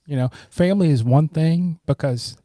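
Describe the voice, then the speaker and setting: Mellow-voiced man telling stories. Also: fairly high pitch, moderate pace, no room sound. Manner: relaxed, warm, acts out quoted friends. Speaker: podcast guest. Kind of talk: casual storytelling.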